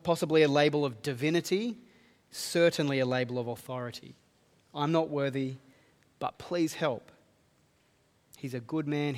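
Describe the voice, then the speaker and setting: A man's voice: fairly high pitch, darkish tone. A man preaching a sermon, reading scripture aloud and explaining it earnestly. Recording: long reverb of a hall.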